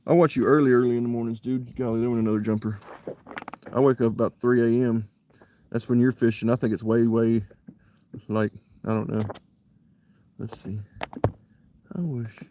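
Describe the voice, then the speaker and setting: A man's voice: mid-range voice, little pitch movement, moderate pace, long pauses, dark tone, a little hiss or hum. Chatty man fishing a creek. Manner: chatty, mutters to himself between greetings to viewers. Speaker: fishing live-streamer. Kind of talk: casual live-stream commentary. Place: outdoors at a creek.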